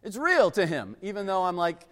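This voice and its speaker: A pastor gives a loose, conversational sermon, telling family stories and acting out the scenes as he goes. His voice sits a little high for a man. It rings with the long reverb of a large hall. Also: sing-song, moderate pace, fairly bright tone. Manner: chatty, uses "like" a lot, acts out family scenes. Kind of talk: casual storytelling sermon.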